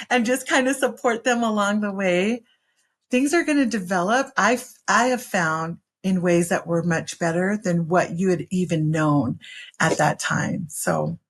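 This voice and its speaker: A woman co-hosting a podcast about parenting, speaking earnestly and encouragingly and laughing often. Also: medium pitch. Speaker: podcast co-host, mother. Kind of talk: casual chat.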